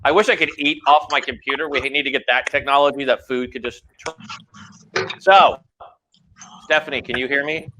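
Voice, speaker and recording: A man's voice: mid-range voice, steady tone, normal speed, long pauses, noisy background. A man hosting a casual online show over a video call. He talks in an easygoing, joking way and rambles a little. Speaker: show host. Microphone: video call microphone.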